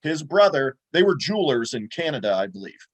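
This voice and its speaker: A man's voice: fairly high pitch, very animated, fairly quick. A man co-hosting a movie podcast, rambling casually with lots of fillers and restarts. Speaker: podcast co-host.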